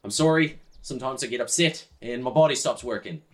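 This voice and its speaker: A man's voice: medium pitch, fairly quick, pitched above the performer's own voice, natural voice. A man voicing an anxious, dramatic caravan leader in a tabletop game, fretful and melodramatic. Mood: relieved.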